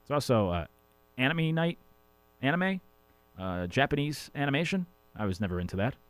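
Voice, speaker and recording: A man's voice: fairly low pitch, very animated, quick pace, no echo. A man hosting a sports radio show, talking casually with rambling jokey asides. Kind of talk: casual sports talk monologue.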